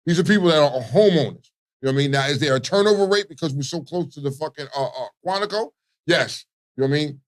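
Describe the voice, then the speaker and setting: A man with a Baltimore accent talks loosely and profanely in casual morning-show banter. His voice sits a touch higher than most men's. He keeps checking in with his listener as he goes. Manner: laid-back, profane, keeps asking "you know what I mean". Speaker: radio co-host.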